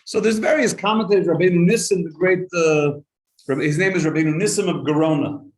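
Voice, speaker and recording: Rabbi guy giving a torah class, higher voice, lots of stories and questions, roomy echo. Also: quick pace. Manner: animated storyteller, rhetorical questions, quotes Hebrew and Yiddish then translates. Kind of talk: lively Torah class to a live group.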